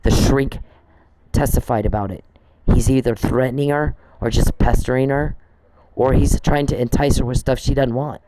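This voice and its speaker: A man's voice: mid-range voice, steady tone, moderate pace, warm tone, rough recording. A man on a podcast, delivering an angry, profane monologue aimed straight at one person he scolds. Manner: indignant, profane, scolding someone directly.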